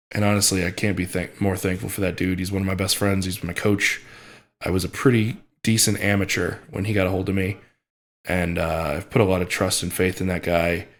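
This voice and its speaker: A young man with a deep, low voice talks through his competition in a vlog. He speaks haltingly and restarts often, full of fillers. He sounds choked up, close to tears. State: emotional, near tears. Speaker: strongman athlete. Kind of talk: emotional vlog recap.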